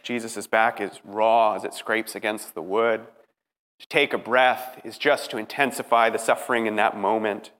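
A man preaching a dramatic sermon, emphatic, moving from hushed passages to rising ones. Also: fairly low pitch, steady tone, moderate pace. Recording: preaching in a reverberant hall.

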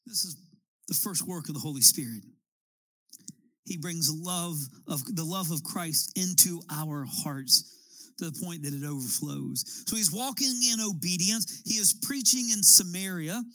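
A man's voice: a little high, unhurried, sharp tone, no room sound, low-quality recording. A man preaching a sermon as a pastor, building his points with emphatic, rising appeals.

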